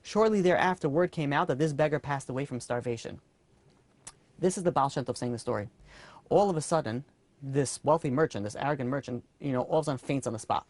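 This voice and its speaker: A man, a rabbi, telling a moral story in a sermon, earnest and animated with casual fillers. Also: mid-range voice, fast talker, no echo. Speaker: rabbi teaching a class.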